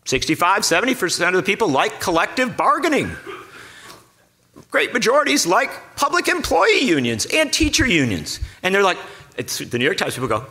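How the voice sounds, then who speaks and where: A man's voice: sits high, wildly swooping pitch, moderate pace, bright, forceful tone. A man speaking on a conference panel, telling a story with a sarcastic edge. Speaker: panelist reporter.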